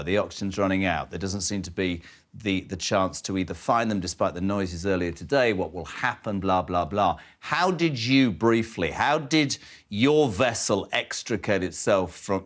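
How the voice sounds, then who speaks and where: Deep-voiced male TV host. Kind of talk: TV interview.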